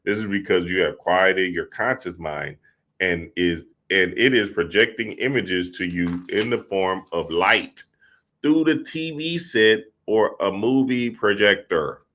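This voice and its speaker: Slow, deep-voiced man in relaxed spiritual talk. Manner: laid-back, laughing, slangy asides. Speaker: spiritual teacher and host.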